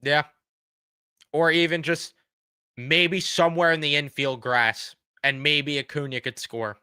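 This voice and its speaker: A man's voice: on the high side, fairly even intonation, a little slow, pushed and bright, clean tone, dry recording, studio quality. A man hosting a fan reaction show, ranting bluntly and sarcastically about his team while losing his voice. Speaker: sports fan show host.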